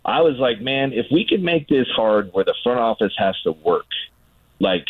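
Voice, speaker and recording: A man in casual radio conversation, a former pitcher telling a funny story and slipping into the voices of the people in it. The sound is thin and phone-like, with no room around it. His pitch sits in the middle range. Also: normal speed, no echo. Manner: animated storyteller, acts out voices. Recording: tinny phone line.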